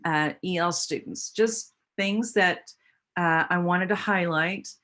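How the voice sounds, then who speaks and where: A woman's voice: on the low side, takes it slowly, a bit bright. An American woman explaining speech sounds in a teacher training presentation, with a patient, explanatory manner and frequent restarts. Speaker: literacy educator.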